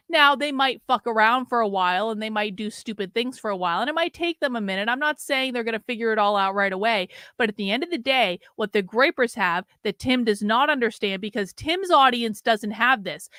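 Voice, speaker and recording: A woman's voice: fairly high pitch, pushed and bright, dry recording, studio quality. A woman giving blunt, combative reaction commentary, swearing and talking back at the clip she watches.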